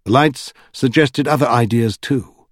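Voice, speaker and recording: An audiobook narrator with a medium-pitched voice reads a novel aloud in measured, storytelling fashion. The scripted narration has no echo and studio-quality sound.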